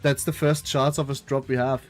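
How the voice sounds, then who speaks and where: A man streaming a game playthrough, gushing over the story with excitable reactions that jump into high squeals. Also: brisk, soft background music.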